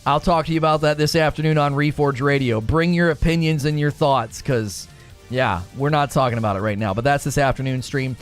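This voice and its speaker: A man hosting a live gaming talk stream, arguing with his chat and answering it directly in an animated way. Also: mid-range voice, brisk, soft background music.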